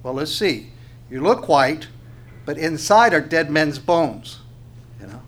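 A man's voice: a little high, lively intonation, slow, fairly bright tone. Man preaching with rhetorical questions. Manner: conversational, with rhetorical questions and tag questions. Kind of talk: sermon.

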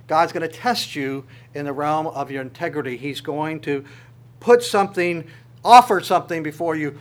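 A man's voice: on the high side, fairly quick. A male pastor preaching a sermon, reading scripture aloud with his own commentary and asking the congregation rhetorical questions.

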